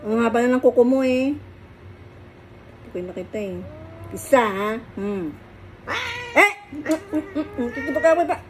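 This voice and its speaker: Woman, Filipino accent, soothing baby talk to a cat, lively high voice, noisy background. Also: normal speed, long pauses. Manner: coaxing, soothing baby talk to a cat, mixing two languages. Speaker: pet owner cutting her cat's nails. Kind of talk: casual talk to a pet.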